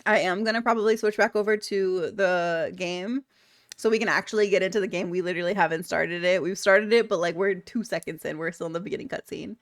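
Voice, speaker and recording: A woman's voice: lowish voice, a little fast, no room sound. Young woman, live streamer, casual banter, playful, laughs often, dry room. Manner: giggly, playful, swears a lot. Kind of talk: casual chat reading out viewer messages.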